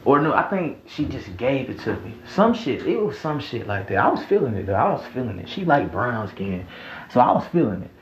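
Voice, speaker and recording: A young man from Mississippi with a Southern accent, telling a profane, animated story in a casual storytime vlog. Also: medium pitch, a little fast. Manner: profane, animated, laughing, repeats himself. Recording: echoey room, dull audio, faint hiss.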